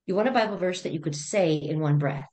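A middle-aged woman speaking as a therapist guest on a podcast, calm and gently instructive as she walks through breathing exercises. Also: fairly low pitch, quick pace. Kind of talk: conversational podcast interview.

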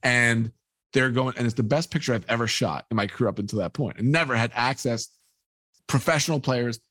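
A man's voice: mid-range voice, fairly quick, dry recording. A man, a sports photographer, telling a personal anecdote in an interview and acting out the dialogue as he goes. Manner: animated, acts out quoted dialogue. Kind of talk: storytelling anecdote.

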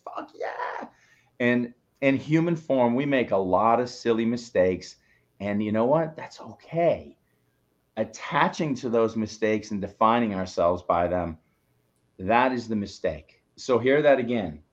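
A man's voice: fairly low pitch, expressive, unhurried, highs cut off. A man co-hosting a motivational live show, coaching listeners in an emphatic, preachy way and swearing now and then. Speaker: co-host, coach.

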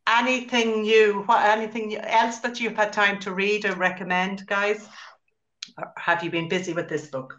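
Bright, chatty woman host. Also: mid-range voice, fairly even intonation, normal speed, lo-fi sound. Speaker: podcast host. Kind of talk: casual chat.

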